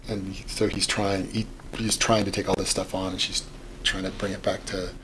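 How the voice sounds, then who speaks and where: Low-voiced dude rambling about a book, lots of "like", bit of background hiss. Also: male voice, moderate pace. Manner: animated, rambling, many "like" fillers and restarts. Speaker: podcast co-host. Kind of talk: casual book discussion.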